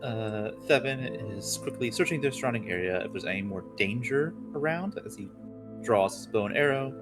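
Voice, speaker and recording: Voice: mid-range voice, lively intonation, normal speed, music in the background. A player in a tabletop game casually describing their character's actions in the third person.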